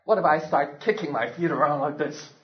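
A man voicing a small baby eagle that tries out loud to learn to fly, in a dull lo-fi recording. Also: on the high side, animated, fairly quick, close to an everyday voice. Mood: eager. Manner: eager, trying things out loud.

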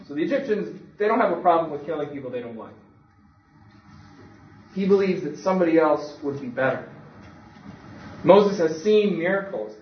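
Guy giving a sermon, chatty storytelling, slightly high voice, echoey room, a bit far from the mic. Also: expressive, normal speed, pauses often. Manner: conversational storytelling with acted quotes. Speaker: preacher. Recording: echoey room, speaker away from the mic, dull sound.

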